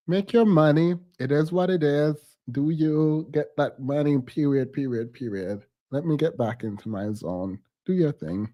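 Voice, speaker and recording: A man's voice: on the high side, unhurried, few pauses, warm tone. A man co-hosting a podcast, reacting to a played clip with blunt, exasperated, emphatic commentary.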